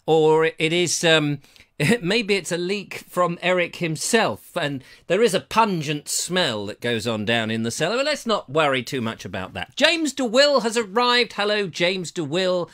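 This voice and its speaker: A man's voice: big pitch swings, a little slow, fairly bright tone. An English man hosting a live show, reading out viewers' chat comments in a playful, theatrical way. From England. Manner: theatrical, playful, swoops in pitch when reading names. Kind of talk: casual live-stream chat. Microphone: lapel mic.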